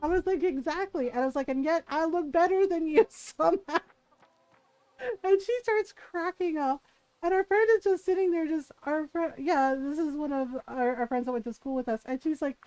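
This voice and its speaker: A woman's voice: high voice, moderate pace, a little mellow, no room sound, rough recording. A middle-aged woman streamer in casual chat, telling a story with frequent laughter. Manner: chatty storytelling, laughs often.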